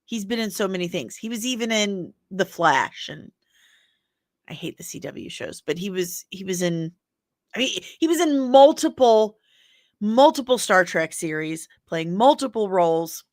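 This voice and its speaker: A woman's voice: medium pitch, lively intonation, unhurried, dry recording, studio quality. A woman hosting a casual entertainment news show, chatty and rambling with jokey asides. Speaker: host.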